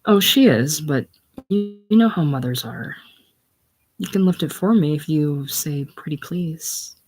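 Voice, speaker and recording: Coy teasing young woman as a reader puts her on, slow, coaxing. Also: mid-range voice, faint music behind, lightly acted. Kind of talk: casual play reading.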